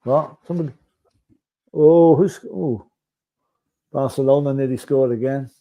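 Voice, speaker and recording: A man's voice: medium pitch, measured pace. Opinionated man over a tinny line. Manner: opinionated, gives player ratings. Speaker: podcast co-host, football pundit. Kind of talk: casual fan podcast chat.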